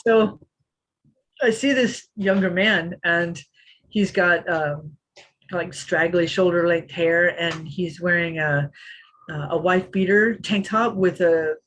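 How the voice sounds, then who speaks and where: A woman's voice: on the low side, slow, slight background noise. A woman in her fifties, a guest on a podcast, telling an anecdote and acting out what people said. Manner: lively anecdote teller who acts out quotes. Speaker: interview guest. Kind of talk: storytelling in a podcast interview.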